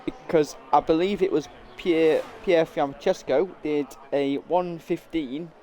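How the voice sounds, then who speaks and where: A man's voice: a little high, fairly even intonation, a little slow, dark tone. A man co-commentating a sim race, chatty and often tripping over names and numbers. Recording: clear background noise.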